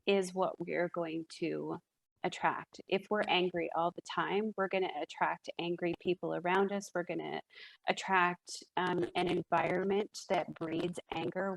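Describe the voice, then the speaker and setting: A woman's voice: on the low side, creaky, poor audio. A woman speaking as a guest in a casual podcast conversation, reflective, with frequent fillers and restarts.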